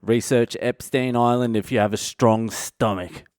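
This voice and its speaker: A man's voice: mid-range voice, fairly even intonation, a little slow, a little mellow, no room sound, studio quality. A middle-aged man, hosting a comic podcast monologue in a sardonic, mocking tone and swearing freely. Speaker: comedian podcast host. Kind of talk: comic monologue reading comments aloud.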